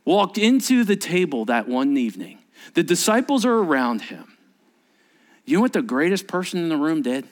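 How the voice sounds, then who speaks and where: A man's voice: a little high, sing-song, normal speed. A man preaching a sermon as a pastor, talking conversationally, asking rhetorical questions and acting out quoted speech. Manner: acts out quoted speech in varied voices.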